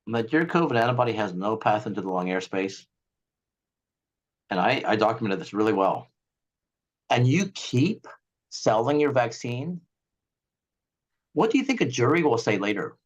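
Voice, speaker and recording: A man who is a guest on an interview, talking in an animated, ranting way and acting out the voices of others. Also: medium pitch, moderate pace, pauses often, muffled recording. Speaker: guest, eye surgeon. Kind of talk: casual interview talk.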